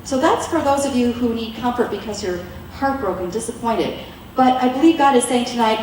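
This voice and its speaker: A woman's voice: on the high side, lively intonation, far from the mic. Earnest woman preaching in an echoey hall. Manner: earnest, slows to soft deliberate phrases when voicing God. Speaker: women's ministry speaker. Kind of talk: devotional talk. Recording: echoey room, voice from afar, faint hiss.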